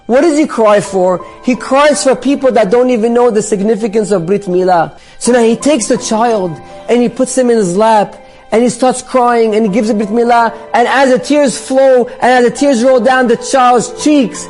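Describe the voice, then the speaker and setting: A man, a rabbi, telling an inspirational story in an animated way and acting out its people. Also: very high voice, moderate pace, faint music behind.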